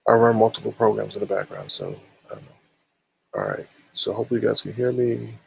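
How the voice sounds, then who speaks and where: A man's voice: fairly low pitch, fairly even intonation, brisk, vocal fry, a little mellow, a little hiss or hum, low-quality recording. A man hosting a casual livestream, greeting viewers by name, his voice run through a voice modulator. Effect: voice modulator with a swooshing sound. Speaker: livestream host.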